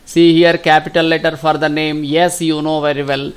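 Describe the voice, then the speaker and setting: A middle-aged man from India with a Telugu accent, giving a slow classroom lesson that repeats each question and answer. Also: a little high, flat delivery, clean tone. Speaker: teacher.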